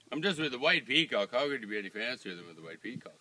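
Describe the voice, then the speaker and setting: A man's voice: medium pitch, sing-song, racing, bright, forceful tone. A man at an outdoor ranch, chatting casually and coaxing animals in baby talk. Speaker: vlogger at a ranch. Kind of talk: casual chat while feeding animals. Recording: noisy outdoor recording.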